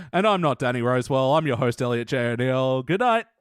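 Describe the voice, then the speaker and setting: A man's voice: mid-range voice, expressive, moderate pace, smooth, dry recording, clean studio sound. A man hosting a comedy podcast, joking playfully and often laughing. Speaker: podcast host. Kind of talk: casual comedy podcast banter.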